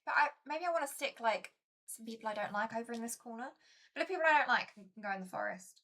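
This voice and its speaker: A woman's voice: fairly high pitch, expressive, fast talker, a bit bright. A woman chatting casually to her viewers while playing a board game, chatty and self-mocking.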